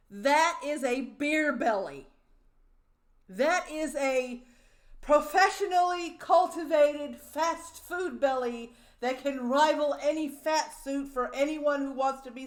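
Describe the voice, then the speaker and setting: High-voiced woman ranting on a stream. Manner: profane, mocking, exasperated. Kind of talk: casual reaction stream rant.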